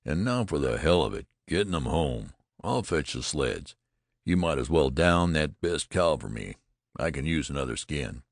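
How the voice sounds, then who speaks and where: A man reading a gruff, hot-tempered frontier trapper with a folksy drawl in an audiobook. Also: rumbling low, very animated, normal speed, no echo, clean studio sound, heavily acted. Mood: rowdy.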